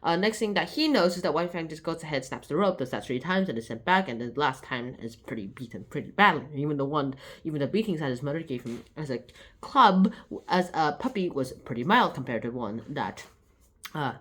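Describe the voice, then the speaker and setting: Young host, casual book recap, rambling and animated, middle pitch with wide swings. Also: fairly quick. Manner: rambling, with many restarts and "goes ahead", acting out scenes. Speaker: channel host summarizing a novel. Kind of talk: casual spoken book summary.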